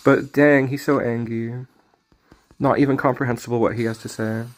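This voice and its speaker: A man's voice: mid-range voice, steady tone, moderate pace. Rambling self-mocking male streamer. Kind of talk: casual gaming commentary.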